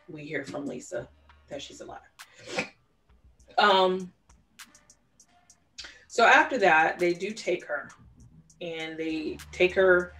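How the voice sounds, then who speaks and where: Lowish-voiced woman recounting a case. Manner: storytelling, animated recounting with quoted voices. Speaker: podcast co-host. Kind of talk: casual true-crime podcast chat.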